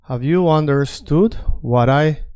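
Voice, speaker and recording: A man's voice: a little high, slow, a little mellow, clear, resonant tone. Man teaching Spanish drills, repeating phrases. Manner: repeats drill phrases many times, asks viewers to say them along; often checks in with "right?" and "okay?". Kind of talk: video language lesson.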